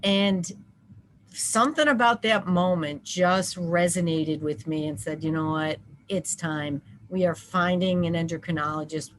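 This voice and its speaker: A woman on a parent panel telling a personal story, halting and full of restarts. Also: fairly low pitch, fairly even intonation, low-quality recording. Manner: halting, many restarts and fillers.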